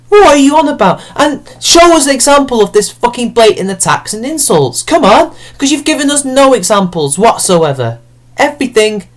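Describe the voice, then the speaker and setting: Sarcastic, swearing man ranting. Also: high-pitched. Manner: sarcastic, profane and exasperated. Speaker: online commentator. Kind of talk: ranting commentary on an article.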